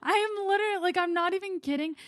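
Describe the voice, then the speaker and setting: A woman's voice: very high-pitched, fast talker, fairly bright tone, no echo, clean studio sound. A woman co-hosting a casual gaming podcast, rambling and giggling through everyday stories. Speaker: podcast co-host. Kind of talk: casual chat.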